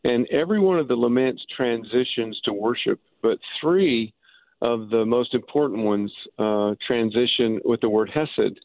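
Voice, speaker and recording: A man, an author and Bible scholar, explaining things as an interview guest, halting, with many restarts and fillers. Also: medium pitch, no echo. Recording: dry tinny phone line.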